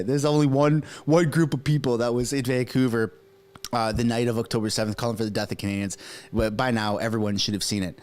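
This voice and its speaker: A man whose first language is French hosts a casual political livestream, animated and profane, joking and talking straight to his chat. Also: medium pitch, brisk. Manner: animated, swears, jokes, talks to chat viewers. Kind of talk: casual live commentary.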